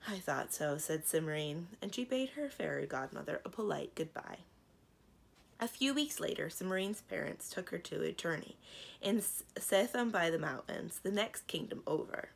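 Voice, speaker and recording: A woman librarian reading a children's book aloud with expressive storytelling. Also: fairly low pitch, normal speed, vocal fry.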